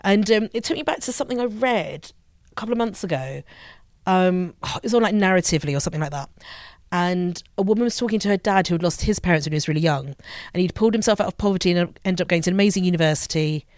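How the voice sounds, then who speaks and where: A woman's voice: fairly low pitch, fast talker, darkish tone, dry recording, clean studio sound. A woman, a journalist talking as a guest in an interview, thoughtful and candid, slipping into voices when she retells things. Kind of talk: reflective conversational interview.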